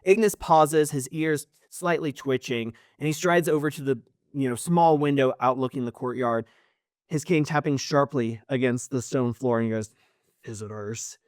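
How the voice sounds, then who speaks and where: A man narrating a tabletop game as game master, describing scenes in a measured, descriptive way. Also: medium pitch, dry recording, studio quality.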